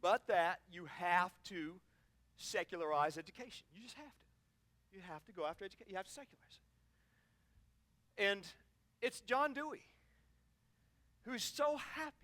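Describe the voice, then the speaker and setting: With a high-pitched voice at normal speed, a middle-aged man delivers a fervent sermon at a conference, pausing often. There's no echo. He brings his stories to life by acting out the cries within them.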